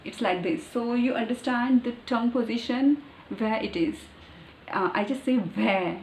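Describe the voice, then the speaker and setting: A woman with an Indian English accent talking casually about learning pronunciation, thinking aloud with many pauses and fillers. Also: on the high side, a little mellow, a little hiss or hum. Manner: halting, thinking aloud, with fillers and demonstrated sounds. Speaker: language learner. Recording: echoey room, faint ambience.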